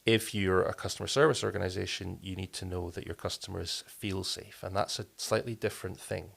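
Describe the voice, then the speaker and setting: A man talks through ideas as an interview guest. His voice sits low and carries a gravelly fry. He thinks aloud, restarting phrases and filling pauses as he goes. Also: fairly even intonation, fairly bright tone. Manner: thoughtful, many restarts and fillers. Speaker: podcast guest, company co-founder. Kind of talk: casual interview talk.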